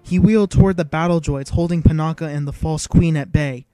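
A male audiobook narrator telling the story in a measured, even way. His voice is warm and mellow and sits a little high for a man. It sounds dry and close to the mic, with faint music underneath. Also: smooth, no room sound.

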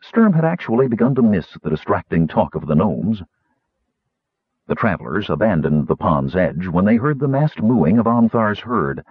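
A male audiobook narrator with a very low, husky voice that rises and falls freely as he reads. The sound is thin and phone-like and very dry, with no room around it. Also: normal speed, no room sound. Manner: lively, expressive reading. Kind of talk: scripted narration.

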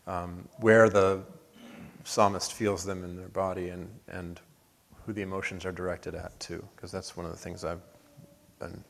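Male pastor, lower pitch, earnest sermon delivery with rising emphatic swells and soft drops. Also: little pitch movement, normal speed, vocal fry. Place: church sanctuary.

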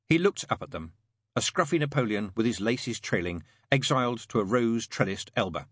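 Male audiobook narrator, middle-aged, husky, very animated delivery, dry booth. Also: medium pitch, fairly quick, no echo. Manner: expressive, playful storytelling.

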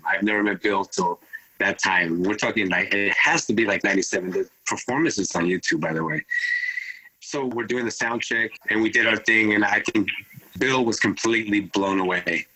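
Man, 50s, turntablist guest, low voice with a forceful edge, loose rambling storyteller. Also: normal speed, low-quality recording. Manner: rambling, animated retelling with acted-out quotes. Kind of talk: casual storytelling.

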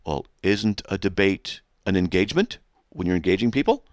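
A man hosting a radio show, reading a hostile letter aloud and mocking it with sarcastic, rambling, deadpan asides. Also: low voice, moderate pace, no room sound, clean studio sound.

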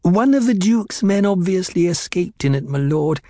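A man's voice: high voice, lively intonation, moderate pace, warm tone, no room sound, studio quality, pitched above the performer's own voice. A man voicing a silky, nervous male advisor who answers his master deferentially and hesitantly.

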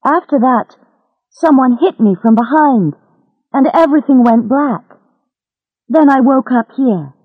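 A woman's voice: high voice, measured pace, long pauses, husky, dry recording, narrow, tinny audio, voice pushed up. A woman voicing a frightened young American woman recounting her capture, in a storybook reading.

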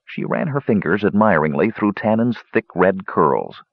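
Male audiobook reader, lowish husky voice, lively pitch, dull lo-fi dry recording. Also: normal speed, few pauses, dry recording. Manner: expressive reading with many character voices. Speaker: narrator. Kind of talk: audiobook narration.

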